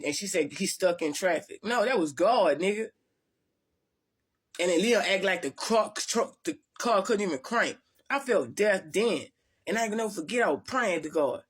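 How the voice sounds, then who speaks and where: A woman's voice: lowish voice, slightly rough. Lady vlogging her story, blunt n cussing a lot, keeps restarting her sentences. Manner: blunt, profane, rambling with many restarts. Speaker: spiritual vlogger. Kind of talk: casual storytelling to viewers.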